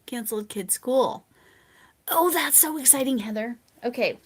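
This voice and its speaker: An American woman hosting a livestream, chatting casually with viewers and reading their comments. She rambles and drifts into soft mumbled asides. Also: fairly high pitch, expressive, normal speed, husky. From United States. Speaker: livestream host.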